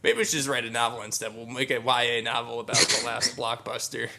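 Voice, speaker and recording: A man co-hosting a podcast in casual chat, excitable and laughing often while he quotes movie lines. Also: mid-range voice, fast talker, gravelly, a little hiss or hum. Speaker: podcast co-host.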